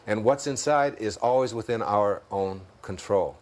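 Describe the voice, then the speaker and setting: A man with a Detroit accent, an interview guest reflecting on spiritual ideas, telling stories, chuckling often and slowing down for key points. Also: fairly low pitch, a little mellow.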